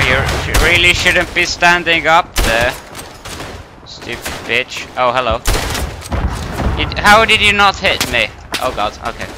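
A gamer with a mid-range voice narrates his own play in a panicky, profane, self-mocking way. Game gunfire and explosions sound behind him, along with other background noise.

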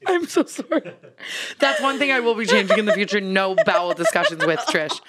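A woman's voice: mid-range voice, very animated, fairly quick, very noisy. A young woman guest on a podcast, chatting casually in a candid, rambling way, often apologizing and laughing. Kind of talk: casual chat.

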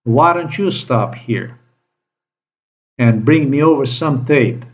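A male vlogger with a mid-range, animated voice delivers a slow, profane, accusing rant to camera, repeating his phrases as he goes. The recording is dull and lo-fi.

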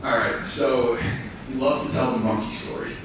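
Distant echoey host, playful prompts. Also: male voice, medium pitch, steady tone, moderate pace, a bit bright, slight background noise. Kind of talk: casual interview prompting. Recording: echoey, distant room mic.

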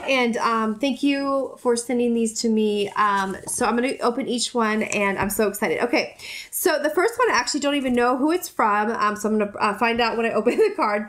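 A woman from the United States chats casually as a vlogger, opening mail from viewers. Her voice sits a little high, and she gushes warmly, repeating her thanks and rambling with plenty of fillers. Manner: gushing, effusive, repeats herself; soft, rambling with many fillers. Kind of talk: casual vlog chat.

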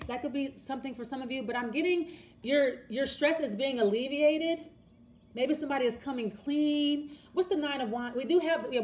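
Speaking straight to the viewer, a tarot reader gives a casual, chatty reading, often repeating and restarting her words. Her voice sits high and has a slightly mellow quality.

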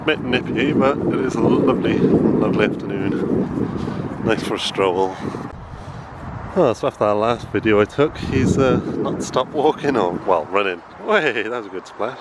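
This father's voice is on the low side and expressive, moving at a moderate pace as he vlogs with his toddler and often turns sing-song for the little one. Recorded on a noisy handheld camera, the clip goes from a kitchen with humming appliances to a canal-side spot with outdoor and traffic sounds.

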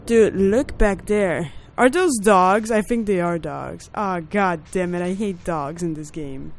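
A woman hosting a let's play video, reacting excitably and talking to the character on screen. Background hum runs through the noisy recording. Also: fairly low pitch, unhurried, gravelly. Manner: excitable, talks to the game character, yells in panic. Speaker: gaming video host.

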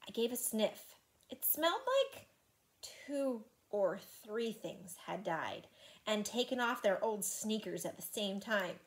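A woman teacher reading a children's chapter book aloud to her class with expressive storytelling. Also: mid-range voice, slow pace.

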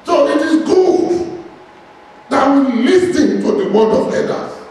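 A man preaching a sermon as pastor, speaking with passion and long pauses between phrases. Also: very high voice, lively intonation, darkish tone, far from the mic. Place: church hall. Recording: echoey hall, heard from afar.

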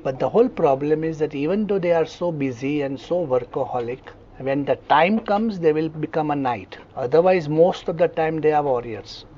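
A man's voice: on the high side, normal speed, hardly any pauses, lo-fi sound. A man with an Indian English accent giving a classroom lecture, telling vivid stories and often checking that students follow. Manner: animated storytelling, frequent check-ins with students. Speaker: homeopathy lecturer.

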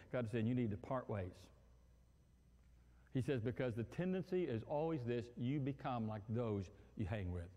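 Animated preacher man in an echoing hall. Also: mid-range voice. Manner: animated, acts out quarrels and phone calls with humor. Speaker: pastor. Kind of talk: sermon.

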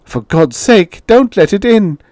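A man's voice: a little high, moderate pace, dark tone, no echo, clean studio sound, pitched above the performer's own voice, lightly acted. Give me a man playing a terrified old man, shaky and pleading in a raised voice. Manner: shaking, fearful.

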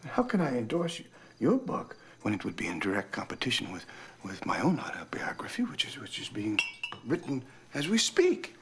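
Gravelly, boastful country doctor with a lively low voice, noisy film audio. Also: male voice, normal speed. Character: vain ambitious small-town doctor, middle-aged man. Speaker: town doctor.

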